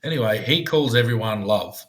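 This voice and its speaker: Man, podcast co-host, casual storytelling, mid-pitched voice. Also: expressive, normal speed. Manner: storytelling, slips into funny put-on voices for quoted people. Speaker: podcast co-host, former police negotiator. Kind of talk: casual chat.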